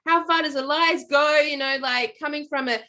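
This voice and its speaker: Middle-aged Australian woman, casual storyteller, fairly high voice, fillers and restarts. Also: moderate pace. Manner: animated, rambling, many fillers and restarts. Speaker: podcast co-host.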